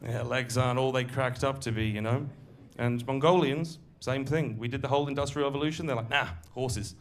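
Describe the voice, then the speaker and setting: A man's voice: mid-range voice, fairly even intonation, brisk. A man doing a stand-up comedy set on a club stage, chatting and working the crowd. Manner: conversational, crowd-work asides.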